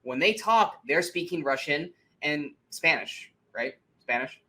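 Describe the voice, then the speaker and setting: A man co-hosting a movie review podcast, chatting casually in an animated, profane way and acting out scenes in mocking voices. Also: fairly high pitch, measured pace. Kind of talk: casual chat.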